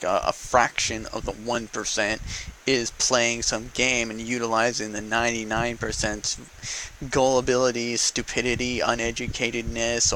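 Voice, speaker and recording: A man's voice: mid-range voice, bright, forceful tone, slight background noise, rough recording. A man ranting heatedly to camera in an unedited vlog, swearing often and repeating words for emphasis. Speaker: vlogger. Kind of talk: unedited political rant to camera.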